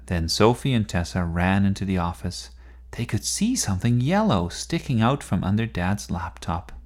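A man reading a children's story aloud in an unhurried, expressive way. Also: sits low.

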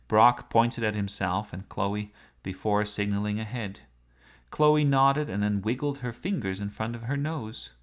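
A man narrating a story aloud in a playful, lively storytelling manner. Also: fairly low pitch.

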